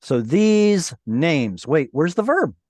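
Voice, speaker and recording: A man teaching a Hebrew class over a video call, explaining patiently and sounding out Hebrew words slowly. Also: fairly high pitch, big pitch swings, darkish tone, no room sound.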